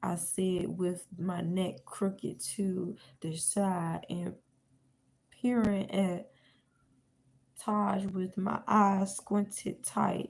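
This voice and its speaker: A woman reading a novel aloud, unhurried and a little halting. Her voice is dark and gravelly, and she reads very slowly. A faint background hiss sits under the reading. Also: medium pitch, level tone, low-quality recording. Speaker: audiobook reader.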